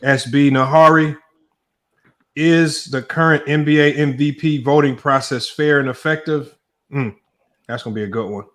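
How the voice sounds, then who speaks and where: A man hosting a debate stream, casually reading out matchups and topics and talking in relaxed slang. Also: a little high, moderate pace. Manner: relaxed, slangy, thinks aloud. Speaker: debate show host. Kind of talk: casual livestream chat, reading out a list.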